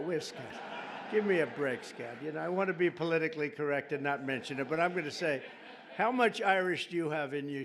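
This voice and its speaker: At a formal reception in a large room, a man with a fairly high, fairly bright voice gives a ceremonial speech. He's chatty and rambling, breaking off for off-script jokes aimed at the audience. A little hiss or hum sits under the recording.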